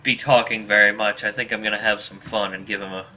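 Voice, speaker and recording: Man, casual let's-play commentary, self-deprecating, bright voice, dull lo-fi mic. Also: lowish voice, flat delivery, quick pace. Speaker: gamer. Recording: dull lo-fi with faint hiss.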